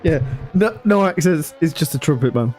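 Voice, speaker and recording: A man's voice: fairly high pitch, expressive, moderate pace, music in the background. A man commentating a sim racing league live in a casual, chatty way, often laughing and apologising.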